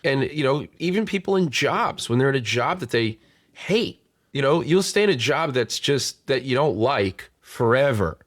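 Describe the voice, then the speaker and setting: A man hosting a casual sales podcast talks in loose, rambling runs full of restarts and fillers. His pitch sits in the middle for a man. The sound is dry and close, with no room around it. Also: expressive, normal speed, dry recording. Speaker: podcast host and sales coach. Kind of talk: casual conversational interview.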